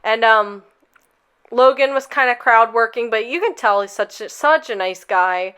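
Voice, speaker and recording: A woman's voice: fairly high pitch, normal speed, pushed and bright, clear, resonant tone. A young woman co-hosting a podcast, telling a long story in a rambling, casual way full of fillers. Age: young adult. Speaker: podcast co-host.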